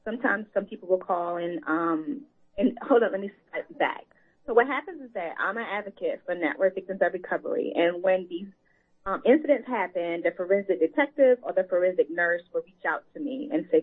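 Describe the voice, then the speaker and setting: A woman's voice: fairly low pitch, a little fast, husky. A woman author and advocate speaking as a guest in an earnest, heartfelt, conversational way. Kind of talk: guest interview. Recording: tinny phone line.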